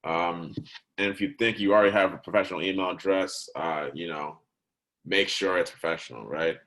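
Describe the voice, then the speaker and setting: A man with a very low voice walks his students through a recorded lesson. He keeps it conversational and checks in with "right?" and "okay?" every few sentences. Now and then he stops partway through a word to correct himself. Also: normal speed, fairly bright tone, poor audio. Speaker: teacher.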